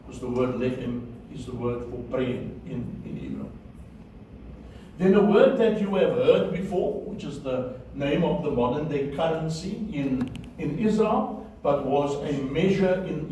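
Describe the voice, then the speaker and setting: Recorded from a distance in a very echoey room with faint background noise, a man with a slightly high, warm voice gives a classroom lecture on Biblical Hebrew. He keeps repeating key words and checking that his students understand.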